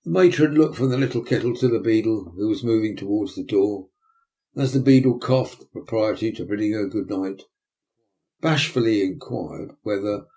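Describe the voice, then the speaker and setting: A man narrating a classic novel as an audiobook, measured and low-key. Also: mellow.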